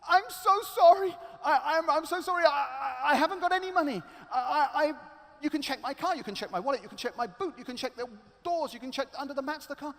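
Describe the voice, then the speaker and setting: A man's voice: high voice, measured pace, long pauses, darkish tone, pitched below the performer's own voice. Preacher doing a stammery panicky young guy, echoey hall. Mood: pleading. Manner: flustered, stammering, pleading. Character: panicky anxious young man, then grateful.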